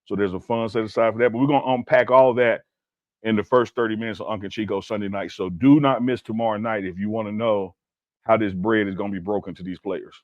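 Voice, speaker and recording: Low-voiced guy co-hosting sports talk, slangy and emphatic, dry close sound. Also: steady tone, fast, darkish tone, no echo, lo-fi sound. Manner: storytelling, emphatic, laid-back slang. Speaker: co-host.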